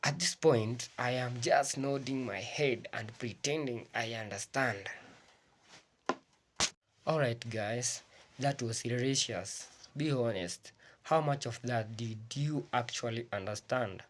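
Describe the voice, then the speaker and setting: Guy doing reaction channel voice-over, mid pitch, even and jokey. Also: slow pace, noisy background. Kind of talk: scripted voice-over commentary.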